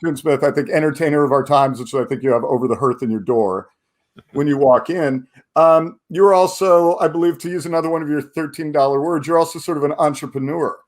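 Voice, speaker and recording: A man hosting a casual interview and ribbing his guest with dry banter. His voice sits a little higher than most men's. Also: brisk. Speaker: podcast host.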